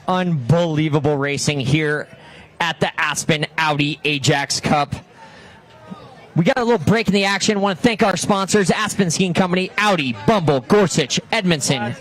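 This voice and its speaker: A man giving color commentary on a ski race, rising toward shouts as the finishes get close. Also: a little high.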